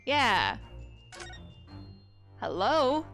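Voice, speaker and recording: A woman with a fairly high voice making casual, chatty asides as she plays through a story game. She laughs easily between remarks, and loud game music runs underneath. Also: animated, unhurried. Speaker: let's play host. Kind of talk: casual gaming commentary.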